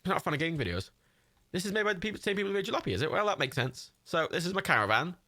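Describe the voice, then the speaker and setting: A man's voice: sits high, sing-song, rapid-fire, sharp tone, no room sound, clean studio sound. A young English man in casual, rambling and self-mocking gameplay commentary as a livestreamer.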